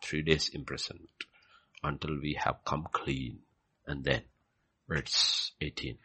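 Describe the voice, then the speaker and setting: A man preaching a sermon and reading scripture aloud, swinging from low murmurs to loud, high emphatic bursts and repeating key phrases to the congregation. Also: sing-song, a little slow, vocal fry, husky.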